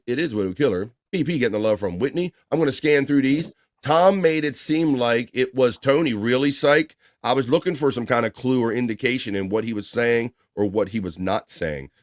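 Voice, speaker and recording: A man hosting a casual livestream, reading viewer chat shout-outs aloud with laughs and loose swearing. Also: mid-range voice, no room sound, studio quality.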